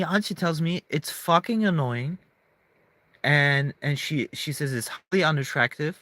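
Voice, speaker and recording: A man's voice: fairly high pitch, a little slow, a bit bright, dry recording. A man in a casual, rambling monologue to camera, emphatic, swearing often and restarting his sentences. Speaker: vlogger.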